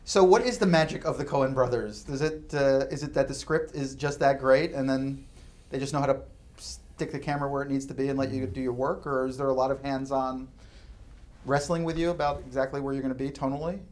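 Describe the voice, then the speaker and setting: Male film interviewer, medium pitch, loose and chatty questioning. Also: steady tone, fairly quick, a little mellow. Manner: chatty, laughs while asking long questions.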